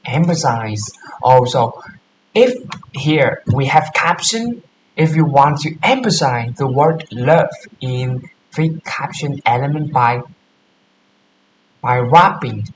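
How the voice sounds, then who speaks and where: A man walking through coding exercises aloud, halting, repeating and correcting his words as he thinks. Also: fairly high pitch. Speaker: coding tutor. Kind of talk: casual screen-share coding walkthrough. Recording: roomy echo with faint hiss.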